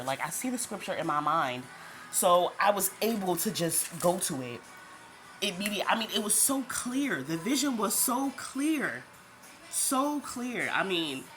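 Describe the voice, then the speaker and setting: Woman, low-pitched, vlog testimony, earnest and tearful, music bed clearly audible. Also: a bit bright. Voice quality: tearful, emotional, repeats herself. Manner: talks straight to viewers, addresses them as "y'all". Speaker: vlogger sharing a faith testimony. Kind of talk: emotional personal testimony. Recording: background music under the voice.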